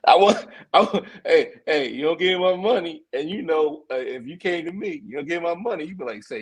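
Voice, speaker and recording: An older man co-hosting a casual podcast, animated, laughing and acting out quotes. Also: fairly high pitch, a little fast, hardly any pauses, breathy edge.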